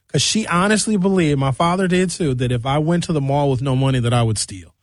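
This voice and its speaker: Man, radio host, comic monologue, slightly high voice, swinging pitch, dry studio. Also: brisk, hardly any pauses, no room sound. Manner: loose, joking storyteller with big pitch swings.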